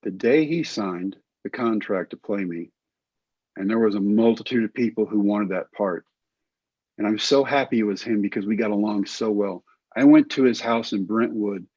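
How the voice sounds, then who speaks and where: A middle-aged man, a former pitcher, telling his story in an interview and acting out the quoted lines. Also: darkish tone, breathy edge, no echo, muffled recording. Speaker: guest, former pitcher and coach.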